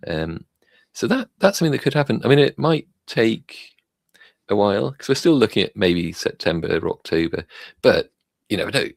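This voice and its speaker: A man giving casual, rambling commentary on crypto charts, halting with many fillers as he thinks aloud while clicking around. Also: fairly low pitch, big pitch swings, creaky, no room sound.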